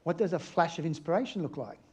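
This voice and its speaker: A man's voice: fairly high pitch, expressive, quick pace, a little mellow, slightly rough. A middle-aged man from Australia, an aerial photographer giving a chatty, anecdotal conference talk and asking his audience questions.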